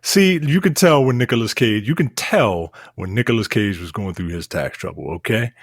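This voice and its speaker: Podcast co-host, man, pitch swinging widely, dry close mic, halting banter. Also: expressive, dry recording. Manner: halting, many restarts, half-joking. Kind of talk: casual movie chat.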